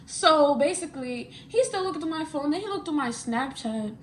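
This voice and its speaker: A young woman with a high voice tells a story in a lively, slang-filled way, often repeating herself for emphasis. There is a faint hum in the room behind her. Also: normal speed, few pauses. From New York. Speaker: vlogger. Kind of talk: casual storytime chat. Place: at home, getting ready.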